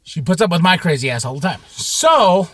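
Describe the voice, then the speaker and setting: A man telling a rambling story to camera in a casual, profane way, with sudden shouts and many repeats. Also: sits high, very animated, normal speed, dry recording. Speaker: vlogger.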